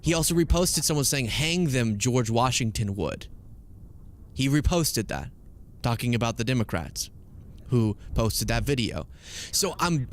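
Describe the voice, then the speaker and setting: A man's voice: mid-range voice, a bit bright, a little hiss or hum. A man streaming casual political commentary, arguing emphatically and with sarcasm.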